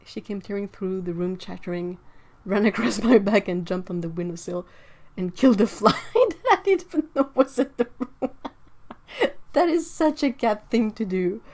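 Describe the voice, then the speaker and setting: A woman hosting a relaxed painting livestream and chatting as she works. She reads out viewer comments and laughs easily, at a mid-range pitch. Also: moderate pace. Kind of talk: casual chat while painting.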